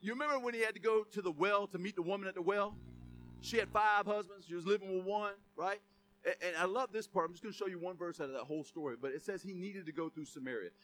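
A man's voice: high-pitched, quick pace, fairly bright tone, soft background music. A middle-aged man preaching a sermon in a conversational, joking way, full of asides and laughter. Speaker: pastor.

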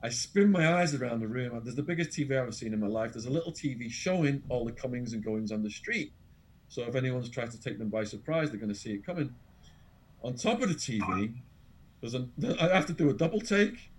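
An Englishman sits as an interview guest and unspools a tense personal anecdote. He tells it with animated drama, acting out the people he quotes. His voice sits at an ordinary middle pitch for a man. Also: fairly quick, husky. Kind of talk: storytelling anecdote.

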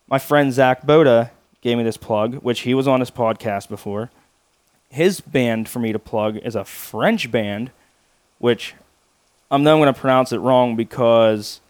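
A man's voice: medium pitch, no room sound. A young man hosting a podcast, rambling in a crass, mocking comedic monologue. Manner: crass, mocking, rambling with sung comic verse. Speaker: podcast host.

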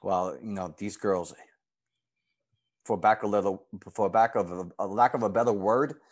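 A man in the guest's seat recounts his time coaching a girls' softball team. He speaks earnestly and with feeling, and his pitch leaps when he relives key moments. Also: moderate pace. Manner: earnest and emotional, lively pitch swings when retelling moments. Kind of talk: personal storytelling in an interview.

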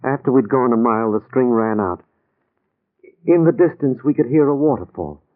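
An actor playing a nervous, shaken husband recovering in hospital, in 1940s radio acting. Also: male voice, mid-range voice, normal speed, close to an everyday voice. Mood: anxious. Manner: nervous, apologetic. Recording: tinny old radio recording.

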